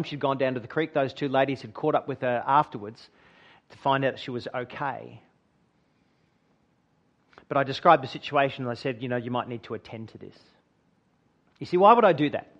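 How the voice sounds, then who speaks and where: A man, a church minister preaching a sermon and telling a personal story, rising to emphatic peaks and dropping quiet. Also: mid-range voice, brisk, dull audio. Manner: earnest storytelling, builds to emphatic peaks then drops quiet.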